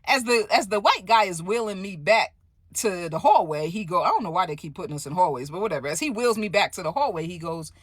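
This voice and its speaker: A woman telling a story in a casual vlog, animated and profane, often asking "right?". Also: fairly low pitch, quick pace, no room sound, clean studio sound.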